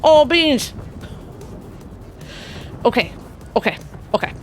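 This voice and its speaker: A woman's voice: high-pitched, sing-song, slow pace, soft background music. A woman streaming a video game, commenting live and often exclaiming and squealing as she plays.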